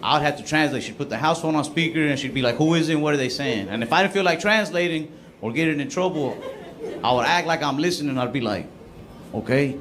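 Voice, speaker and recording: A young man performing a stand-up comedy set, telling stories in a deadpan way. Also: on the high side, quick pace. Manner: deadpan storytelling punctuated by crowd laughter. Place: comedy stage. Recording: loud audience noise behind the voice.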